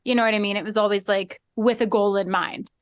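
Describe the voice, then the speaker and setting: A woman's voice: medium pitch, fairly even intonation, brisk, no echo. A woman co-hosting a podcast in casual chat, giggly and chatty, with lots of "like". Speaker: podcast co-host.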